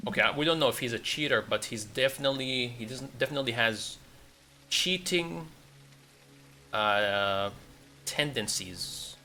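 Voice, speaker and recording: A man giving casual, sarcastic commentary while playing a game, blunt and quick to swear. His voice sits in a middle register with a bright edge. Faint game music and rain play behind him. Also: mid-range voice. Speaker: gaming streamer.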